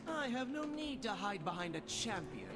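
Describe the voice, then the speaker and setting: A man's voice: high-pitched, big pitch swings, normal speed, fairly bright tone, heavily acted. A man voicing an arrogant male elf duelist who speaks with haughty contempt, heard as faint game audio under a live stream with music playing. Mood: scornful.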